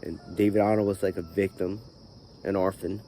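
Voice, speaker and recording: A man's voice: low-pitched, fairly even intonation, normal speed, dark tone, a little hiss or hum. Guy vlogging his story, groggy just-woke-up voice, faint crickets and insects in the background. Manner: rambling, full of "you know" fillers. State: groggy morning voice. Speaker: channel host. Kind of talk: personal vlog talk.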